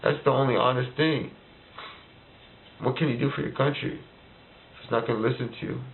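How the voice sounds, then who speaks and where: Gravelly man ranting over a tinny line. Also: medium pitch, fairly even intonation, moderate pace, a little hiss or hum. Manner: heated, repetitive rhetorical questions. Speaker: vlogger ranting to camera. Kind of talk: angry political rant. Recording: tinny phone-like lo-fi recording.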